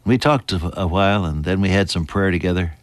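An older man preaching a sermon, earnest, dropping to a hush and then rising to emphatic peaks. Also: deep voice, brisk, dry recording.

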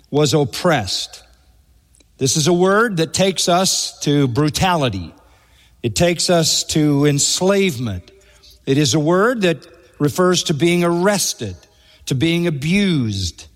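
A man preaching an expository sermon with emphatic rhetorical questions and slow, stressed lists. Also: fairly high pitch. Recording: long hall reverb.

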